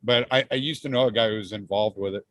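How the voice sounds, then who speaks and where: A man's voice: fairly low pitch, fast talker, a bit bright, no room sound. A man hosting a podcast, talking in a rambling, easygoing way with frequent laughs. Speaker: podcast host. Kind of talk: casual podcast chat.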